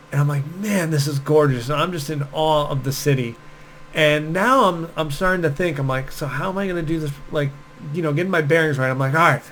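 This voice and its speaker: A man's voice: on the high side, slight background noise, rough recording. A man talking as a dating coach, telling stories and giving advice in a casual, chatty way with frequent fillers. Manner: casual, storytelling, many fillers. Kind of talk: direct-to-camera advice talk.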